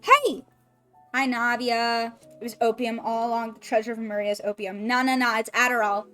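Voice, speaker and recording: A woman's voice: on the high side, little pitch movement, brisk, fairly bright tone, smooth, faint music behind. A woman streaming a game, chatting casually and goofily with her viewers, swearing and joking. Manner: goofy, swears, riffs with chat. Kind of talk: casual gameplay chat.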